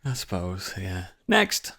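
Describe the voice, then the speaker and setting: A man's voice: sits low, very animated, takes it slowly, pushed and bright. Man, podcast co-host, casual chat, giggly, swears, trails off. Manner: laughs often, swears, trails off mid-sentence.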